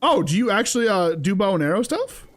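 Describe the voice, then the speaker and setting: A man's voice: sits high, big pitch swings, fairly quick, fairly bright tone, faint music behind. Chatty young man streaming a game. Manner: chatty, swears freely, talks to chat. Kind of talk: casual gameplay commentary.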